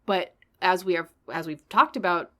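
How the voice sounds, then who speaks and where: Chatty woman with a lowish voice. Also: moderate pace, sharp tone. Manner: chatty, hedging with "like" and "you know". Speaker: podcast co-host. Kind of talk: casual chat.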